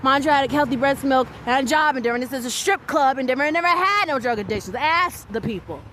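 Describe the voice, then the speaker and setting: A woman's voice: sits high, expressive, quick pace, fairly bright tone, a little hiss or hum. A woman ranting indignantly to camera about losing her children, emphatic and rambling, swearing as she goes. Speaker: mother venting on video. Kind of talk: angry personal rant to camera.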